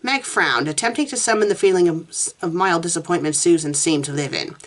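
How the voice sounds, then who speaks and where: A woman's voice: lowish voice, fairly quick. A woman reviewing fanfiction, reading a story aloud with dry, sarcastic asides and putting on a haughty posh voice for the wife.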